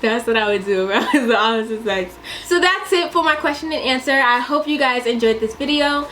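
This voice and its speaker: A young woman chatting in a casual question-and-answer vlog, dramatic and animated, laughing often and swearing. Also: fairly high pitch, brisk, slight background noise. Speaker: vlogger.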